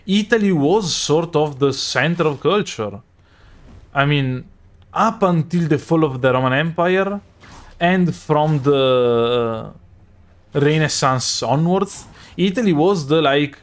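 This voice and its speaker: A man streaming a game live, chatting casually and rambling with many fillers and restarts. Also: fairly high pitch. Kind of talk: casual chat while gaming.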